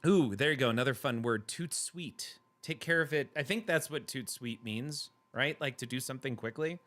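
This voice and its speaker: A livestream host chats casually with viewers and reads their messages, laughing often and playfully. His mid-range voice is a bit bright and moves at a normal speed.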